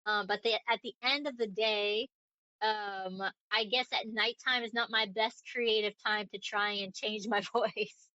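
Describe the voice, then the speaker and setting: Woman, podcast co-host, chatty, giggly, bright voice, dry close sound. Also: mid-range voice, steady tone, measured pace, no echo, highs cut off. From Northeast Connecticut. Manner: chatty, giggly, lots of ums. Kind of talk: casual chat.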